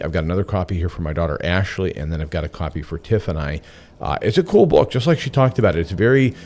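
A man's voice: sits low, a little mellow. A man hosting a radio show, talking in a chatty, candid and enthusiastic way. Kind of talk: casual radio talk.

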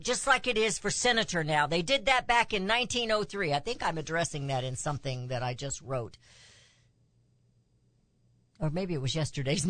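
A slightly bright female voice, with no echo, carries a political talk radio monologue. She speaks emphatically, her pitch lifting on the points she stresses, and drops in asides.

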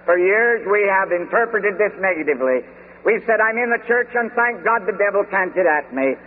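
A man preaching in a deliberate, emphatic way, leaning hard on key words. His voice sits high, and it comes through a tinny, phone-like old recording with a long echo from a large hall and faint hiss. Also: animated. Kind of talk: sermon.

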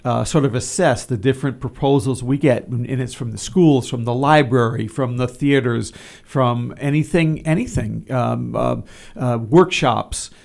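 A man's voice: medium pitch, normal speed, creaky, a little mellow. A man on a local radio talk show, a cultural council member who rambles with many restarts and jokes.

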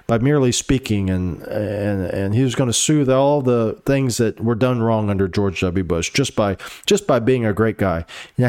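A man's voice: mid-range voice, darkish tone. A man delivering a casual, rambling political commentary monologue, sarcastic, reading news items aloud with asides. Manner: frequent fillers and restarts.

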